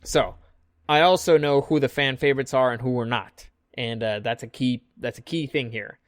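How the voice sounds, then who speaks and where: A man's voice: mid-range voice, steady tone, moderate pace, dry recording, studio quality. A young man casually recapping an event in a loose, joking way, swearing freely as he tells the story. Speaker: vlog host recapping an event.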